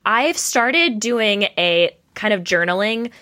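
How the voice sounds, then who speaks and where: A woman's voice: medium pitch, lively intonation, slow, pushed and bright. A woman hosting a podcast, chatting casually and talking ideas through on the spot. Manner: upbeat, talks things through on the spot. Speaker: podcast host. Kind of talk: casual chat.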